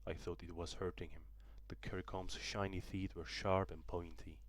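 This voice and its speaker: Deep-voiced young man reading a story. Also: little pitch movement, moderate pace. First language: Turkish. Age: young adult. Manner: careful reading with small restarts. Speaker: student narrator. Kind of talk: audiobook narration.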